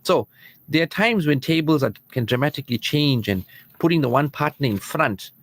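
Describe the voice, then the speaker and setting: A man's voice: fairly high pitch, expressive, moderate pace, dry recording. Guy doing marriage advice on the radio, earnest, chatty, talks like he's in the studio with you. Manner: earnest and conversational, acts out quoted spouses. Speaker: marriage counselor on a radio programme.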